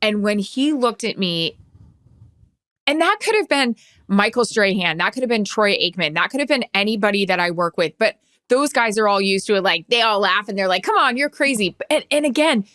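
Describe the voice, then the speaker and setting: Woman co-host, bright forward tone, candid storyteller, dry close mic. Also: mid-range voice, animated, fairly quick, dry recording. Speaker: podcast co-host. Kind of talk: casual chat.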